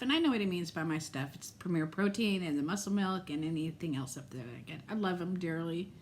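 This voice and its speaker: A middle-aged woman chatting casually in a home vlog, animated and quick to laugh. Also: on the low side, a little hiss or hum. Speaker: vlogger. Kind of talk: casual chat.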